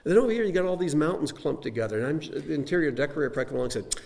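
A man's voice: on the high side, expressive, very fast, gravelly, darkish tone. A man teaching a Bible lesson in a conversational, folksy sermon style with frequent asides to his listeners.

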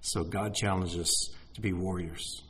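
A man, apparently middle-aged, preaching a sermon in an animated, emphatic way, speaking straight to his listeners. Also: deep voice, measured pace. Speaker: pastor.

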